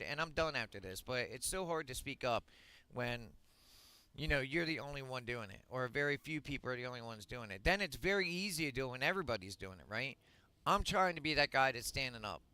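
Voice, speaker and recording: A man streaming a game, delivering a blunt, profane rant that swings up to shouting. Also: mid-range voice, animated, fairly quick, smooth, low-quality recording. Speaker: gaming streamer. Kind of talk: ranting monologue on a livestream.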